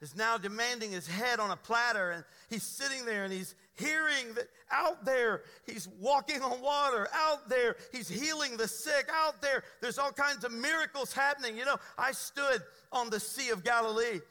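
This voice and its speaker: A man's voice: very high-pitched, normal speed, few pauses, pushed and bright. A man, a pastor, preaching a sermon and telling his own testimony in an earnest, emphatic storytelling manner. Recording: long hall reverb.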